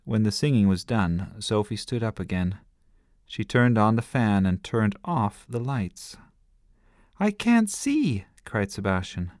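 A man reading a bedtime story aloud in a gentle, lively storytelling manner. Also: fairly low pitch, a little slow, dry recording, studio quality.

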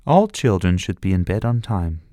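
A man voicing a lonely old woman neighbour telling a spooky tale, slow and storytelling. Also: low voice, expressive, dark tone, no room sound, studio quality.

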